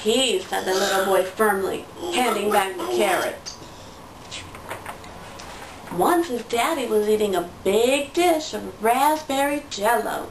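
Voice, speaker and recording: A woman reading a picture book aloud to her toddler in a slow, sing-song storytelling voice. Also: medium pitch, expressive, distant mic. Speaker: parent reading to her child. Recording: roomy sound from away from the mic, faint noise.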